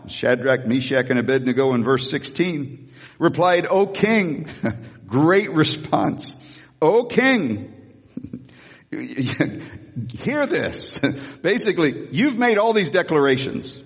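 A man preaching a sermon as pastor, animated, acting out Bible scenes in a raised voice. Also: a little high, slow pace, long pauses, slightly rough, big-room sound.

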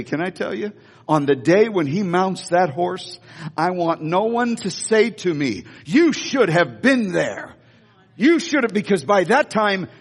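A male pastor giving a lively sermon, telling stories and joking with the congregation. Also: sits high, husky. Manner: animated storytelling with audience asides. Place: church hall. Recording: hall reverb.

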